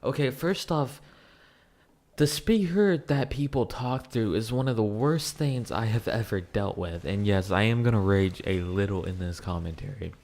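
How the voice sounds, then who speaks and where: Young guy with a lowish voice ranting and swearing over gameplay. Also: animated, moderate pace, a little mellow. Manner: ranting, swears, laughs often. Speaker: gameplay commentator. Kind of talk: casual commentary over gameplay.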